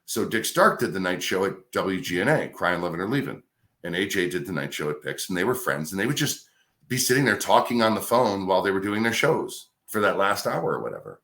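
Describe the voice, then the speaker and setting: A middle-aged man, a radio host, telling a career story in a casual, animated way. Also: low-pitched, fairly quick. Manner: animated anecdote telling with acted-out quotes. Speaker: radio host, podcast guest.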